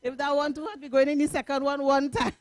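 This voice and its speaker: High-voiced Trinidadian woman calypso singer. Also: steady tone, a little fast, darkish tone, no room sound. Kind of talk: live stream performance chat.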